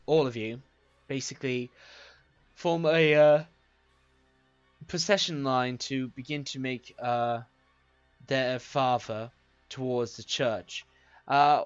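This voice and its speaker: A man's voice: medium pitch, fairly bright tone, dry recording, lo-fi sound. A man narrating a tabletop game as game master, hesitant with many fillers, on a home mic.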